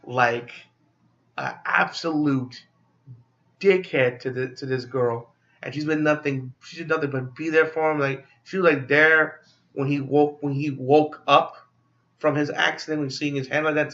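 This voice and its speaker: A man's voice: fairly high pitch, fairly even intonation, normal speed, fairly bright tone, lo-fi sound. A man casually recapping a film plot as a movie reviewer, rambling with many fillers and restarts.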